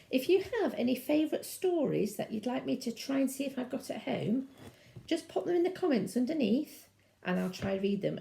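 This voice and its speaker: A woman reads a children's story aloud, her voice bouncing up and down with chatty asides. Her tone is mellow, with a gravelly edge. The roomy echo of a room at home surrounds her. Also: on the high side, a little hiss or hum. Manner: animated, chatty asides to young listeners. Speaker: teacher reading to children.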